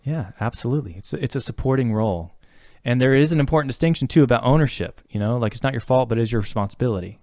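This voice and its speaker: A man's voice: medium pitch, animated, fast, few pauses, darkish tone, no echo, clean studio sound. A man co-hosting a podcast, talking in a reflective, earnest way with lots of fillers and restarts. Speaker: podcast co-host talking about therapy. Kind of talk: casual podcast conversation.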